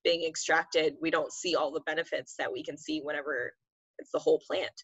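A woman's voice: low-pitched, fairly even intonation, brisk, breathy edge, no echo, lo-fi sound. A young woman hosting a casual podcast as an herbal medicine practitioner, chatty and upbeat, laughing often.

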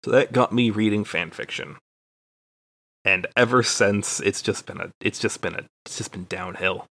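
A man's voice: lowish voice, moderate pace, pushed and bright. A young man from Texas, a podcast co-host, telling a rambling, profane, self-deprecating story in casual chat.

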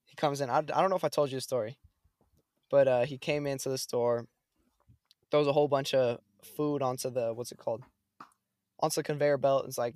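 A young man chatting casually, telling a story in a lively, slangy way. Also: medium pitch, a little fast, long pauses, no echo, clean studio sound. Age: young adult. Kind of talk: casual chat.

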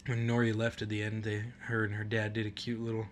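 A man's voice: lowish voice, completely flat delivery, quick pace, a little hiss or hum. A man co-hosting a casual podcast, chatting playfully and joking with mock-dramatic asides. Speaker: podcast co-host. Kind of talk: casual chat.

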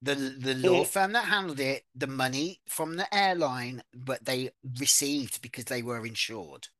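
Co-host, expressive chatty gossip, dry close mic. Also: medium pitch, measured pace, no echo. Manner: animated, swearing, gossipy storytelling. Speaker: podcast co-host. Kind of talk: casual chat.

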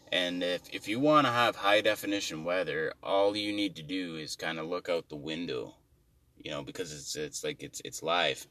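A man's voice: low voice, sharp tone, recorded from a distance. A man doing a rambling, profane, exasperated comic rant, recorded slightly off-mic.

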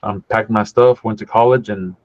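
A man from California, a podcast guest sharing his faith testimony as a lively story, acting out the voices of the people in it and dropping in casual words like "dude" and "man.". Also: fairly low pitch, normal speed, no room sound. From California, USA. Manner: animated storyteller who acts out quoted dialogue, casual with "dude" and "man". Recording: dull dry podcast audio.

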